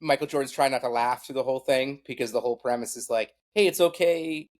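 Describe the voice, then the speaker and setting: A man's voice: medium pitch, little pitch movement, fast. A middle-aged man, a guest on a podcast, talking casually about sports in a rambling way full of fillers and self-deprecating asides. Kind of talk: casual conversation.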